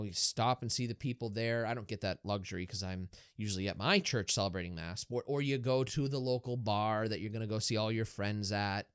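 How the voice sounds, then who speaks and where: A man, a Catholic priest, talking in a casual podcast discussion, explaining things in a lively way and asking rhetorical questions. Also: mid-range voice, no room sound, studio quality. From Erie, Pennsylvania, US.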